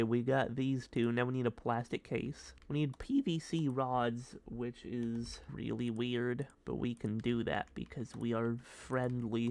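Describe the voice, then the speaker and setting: Goofy young man narrating his gameplay. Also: darkish tone. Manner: silly, rambling, bursts into high yelps. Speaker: gaming streamer. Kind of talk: casual gameplay commentary.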